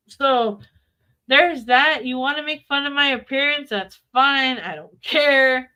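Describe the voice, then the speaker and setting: A woman's voice: sits high, a little slow, bright, forceful tone. A middle-aged woman chatting on a live stream, blunt, defiant and full of profanity. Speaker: livestreamer. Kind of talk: casual live stream chat.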